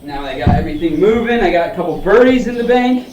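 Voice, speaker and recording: A man's voice: high voice, expressive, quick pace, muffled recording, noisy background. A man streaming his golf simulator round, talking casually to himself and swearing bluntly as he urges his shots on. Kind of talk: casual live-stream self-talk. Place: indoor golf simulator bay. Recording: echoey room, distant mic.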